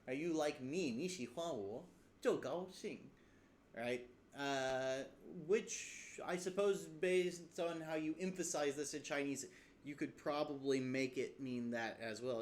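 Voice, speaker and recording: Guy going over phrases really slow, lots of uh and um, restarts a lot. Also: a little high, steady tone, slight background noise. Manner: slow, halting, thinks aloud with fillers and restarts. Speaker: language learner explaining lessons. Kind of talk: casual video lesson.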